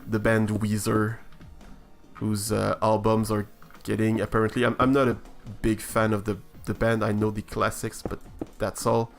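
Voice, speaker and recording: A man's voice: fairly low pitch, completely flat delivery, normal speed, creaky, faint music behind. A man streaming a building game, talking over his play in a hesitant, reflective way with many restarts. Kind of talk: casual live-stream chat while building.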